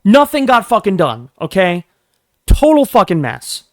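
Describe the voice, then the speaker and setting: A young man telling a workplace story in a casual, profane, animated rant, swinging between low mutters and loud bursts. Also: measured pace. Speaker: vlogger.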